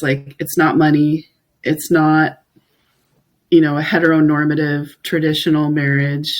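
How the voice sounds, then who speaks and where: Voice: mid-range voice, low-quality recording. A podcast guest talking in a candid, reflective way, leaning on "like" and "you know" as they think aloud. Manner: reflective, candid, filler-heavy with frequent "like". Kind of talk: casual conversational chat.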